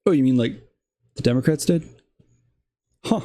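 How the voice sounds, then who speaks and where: A man's voice: mid-range voice, animated, normal speed, mellow. A man hosting a news stream, ranting sarcastically about politics with frequent restarts. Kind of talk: casual opinion monologue.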